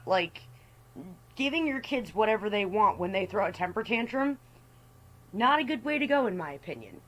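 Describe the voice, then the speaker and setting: A woman's voice: mid-range voice, expressive, moderate pace, low-quality recording. Exasperated woman ranting in a storytime. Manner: exasperated ranting, mimics people in quotes. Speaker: storytime host. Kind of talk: storytime rant voice-over.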